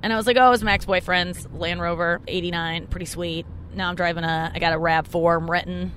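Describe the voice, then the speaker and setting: A fast-talking young adult woman with a steady, fairly bright tone hosts a podcast from her car, and a little hiss or hum is audible. The comedian rambles through a self-mocking story in casual chat, going high when quoting people.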